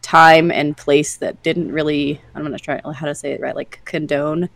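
A woman's voice: low-pitched, level tone, moderate pace, vocal fry. A woman co-hosting a podcast, chatting casually and rambling with lots of filler words. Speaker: podcast co-host. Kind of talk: casual chat.

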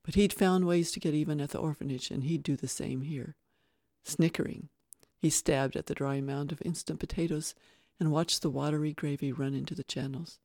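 Mellow, dry audiobook narrator. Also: medium pitch, fairly even intonation, normal speed, no room sound. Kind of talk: scripted thriller narration.

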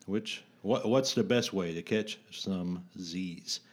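A man with a very low, deep voice, co-hosting a podcast in casual chat. He reads out a quiz with playful, chuckling asides and the odd deadpan line. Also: slow. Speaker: podcast co-host.

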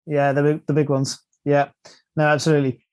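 A man hosting a podcast, asking questions in a casual, halting way and repeating words as he starts sentences. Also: fairly high pitch, monotone, darkish tone, no echo. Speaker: podcast host. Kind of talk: casual interview chat.

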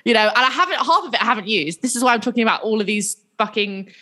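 A woman's voice: fairly high pitch, animated, rapid-fire, pushed and bright. A woman chatting casually on a podcast, frank and bawdy, joking and slipping into silly quoted voices. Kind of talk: casual chat.

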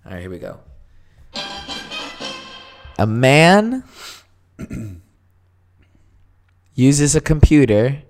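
A man's voice: mid-range voice, sing-song, very slow, pauses often, a little mellow, faint music behind. A man co-hosting a casual podcast chat who keeps playfully slipping into impressions. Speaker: podcast co-host.

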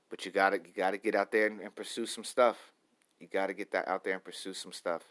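A man in his late thirties talking to camera in a rambling, self-reflective daily vlog, repeating himself as he thinks out loud. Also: low voice. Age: 30s. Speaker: vlogger. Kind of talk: stream-of-consciousness daily vlog.

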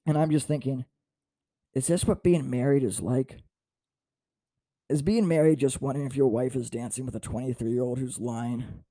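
A man's voice: medium pitch, fairly even intonation, normal speed, pauses often, warm tone, dry recording, clean studio sound. A man in his twenties, a stand-up comedian, telling self-mocking stories in a playful monologue with swings in volume. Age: 20s.

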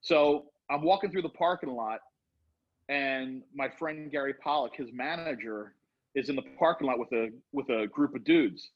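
Middle-aged guy rambling through a story, husky voice, kinda dull lo-fi sound. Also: mid-range voice, moderate pace. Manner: rambling, animated, acts out quotes. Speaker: storyteller guest. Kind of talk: casual storytelling.

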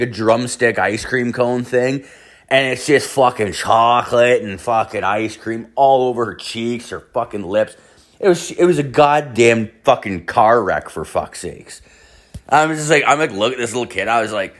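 A man's voice: medium pitch, normal speed. A man in his thirties telling a rambling story, swearing constantly and filling it with "like". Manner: rambling, profane, filler-heavy storytelling. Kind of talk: casual anecdote.

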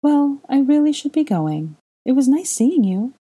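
A woman's voice: sits high, very animated, a little slow, dark tone, pitched above the performer's own voice. A woman voicing an airy, blunt young witch who speaks lightly and without tact.

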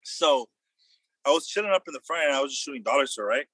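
A young man telling a wild story in loose, slangy casual chat, acting out the quotes loudly. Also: mid-range voice, lively intonation, quick pace, slightly rough, no echo.

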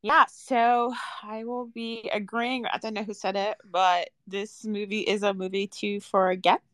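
A woman's voice: medium pitch, level tone, measured pace, no room sound. A woman in a casual film-review chat, talking in a dry, unimpressed way with frequent ums. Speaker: podcast panelist.

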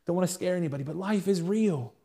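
A young British man delivers a sermon from the pulpit. His fairly high voice climbs into loud, urgent appeals, then sinks to hushed, rapid asides. He speaks with a pastor's conviction. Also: vocal fry. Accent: British English. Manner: dynamic preaching, swings from loud and high to hushed and quick.

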